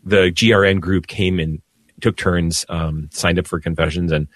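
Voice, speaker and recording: A man, a priest, telling heartfelt stories in an animated way on a radio talk show. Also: low-pitched, moderate pace, no echo. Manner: emotional, animated storyteller with laughs. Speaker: priest guest. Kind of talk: storytelling radio conversation.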